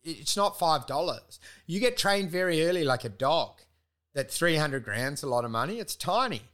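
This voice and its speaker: A man's voice: fairly high pitch, expressive, normal speed, fairly bright tone. A man co-hosting a comedy podcast, riffing crudely and laughing through his own jokes. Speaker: podcast co-host. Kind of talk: casual comedic chat.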